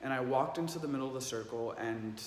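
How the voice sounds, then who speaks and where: A man's voice: mid-range voice, fast, a little hiss or hum. A young adult man telling a personal story earnestly and emotionally, with lots of "like" fillers. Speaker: vlogger. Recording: echoey room with long reverb, faint ambience.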